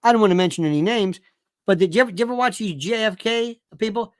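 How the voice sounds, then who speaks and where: A man's voice: high voice, fast, no room sound, studio quality. Emphatic ranting male talk host. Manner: emphatic, repetitive, sarcastic. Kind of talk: ranting political commentary.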